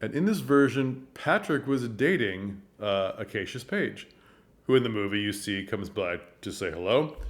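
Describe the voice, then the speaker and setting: A man giving earnest, animated commentary on a stage production, telling the story with frequent restarts. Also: lowish voice, moderate pace. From United States. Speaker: theater commentator. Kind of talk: casual commentary.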